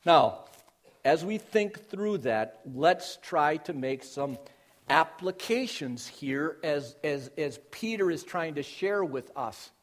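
A man preaching an expository sermon to his congregation, teaching with emphatic stresses that drop to quiet intensity. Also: on the high side, animated, slow pace.

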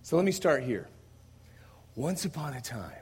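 An American man, a visiting missionary, preaching a sermon to a congregation in a conversational storytelling way, moving from quiet asides to loud emphatic passages. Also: medium pitch, sing-song, normal speed, breathy edge. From United States. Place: church service before a congregation.

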